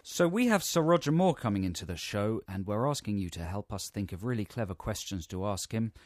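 A man's voice: fairly low pitch, lively intonation, a little fast, a little mellow, faint music behind. A male radio co-host in comic banter, playful and teasing, often giggling. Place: radio studio.

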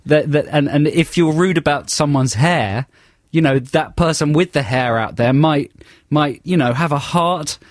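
A man's voice: on the high side, measured pace, hardly any pauses, no echo, clean studio sound. Hesitant man co-hosting radio. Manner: hesitant, mock-earnest, stumbling over words. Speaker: radio show co-host. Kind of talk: casual comedic radio banter.

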